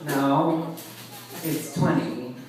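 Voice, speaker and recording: A woman's voice: sits low, steady tone, drawn-out words, a little mellow. A man doing a blunt Long Island mom. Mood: fed-up. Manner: fed-up, blunt. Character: exasperated middle-aged mother selling at a garage sale. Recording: echoey room, far from the mic, audience laughter.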